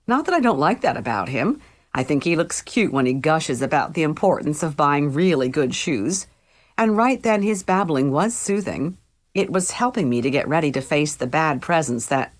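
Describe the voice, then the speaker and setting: A woman with a low voice narrates a first-person novel for an audiobook. Her reading is wry and conversational, like telling a friend a story.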